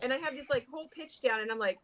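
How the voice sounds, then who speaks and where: A woman from Los Angeles chatting as a guest artist, animated and laughing as she acts out quotes. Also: sits high, very fast. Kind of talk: casual chat. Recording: noisy line with clicks.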